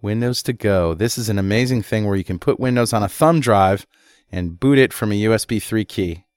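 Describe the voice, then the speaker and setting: Upbeat guy co-hosting, voice on the low side, dry close mic. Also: a little fast, dry recording. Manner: upbeat, counts down a list. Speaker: co-host. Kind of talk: casual podcast chat.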